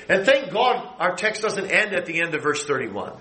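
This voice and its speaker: A middle-aged man preaching a sermon, building his phrases to emphatic high peaks and then dropping low. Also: very animated, moderate pace, few pauses, pushed and bright, roomy sound, poor audio.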